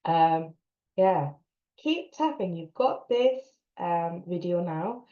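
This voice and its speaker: A woman coach guiding listeners through an EFT tapping session, calmly instructing them and repeating tapping phrases. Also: lowish voice, takes it slowly. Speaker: co-parenting coach. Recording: roomy, dull lo-fi sound.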